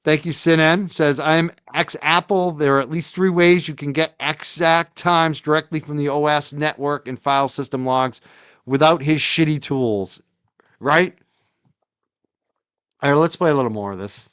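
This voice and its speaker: A man hosting a live stream, reacting to a video in loud, heated commentary and ranting close to his mic. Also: on the high side, normal speed, clean tone, no echo.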